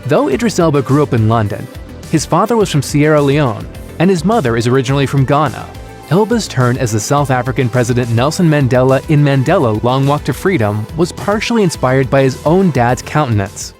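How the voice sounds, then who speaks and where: A man reading a scripted entertainment narration in a smooth, upbeat presenter manner. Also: mid-range voice, animated, fairly quick, darkish tone. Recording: voice-over with faint music bed.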